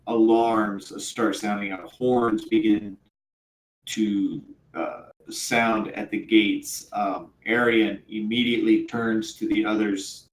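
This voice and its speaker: A man narrating a tabletop game as game master, hesitant and full of ums and uhs. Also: on the low side. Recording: roomy echo, faint background hum.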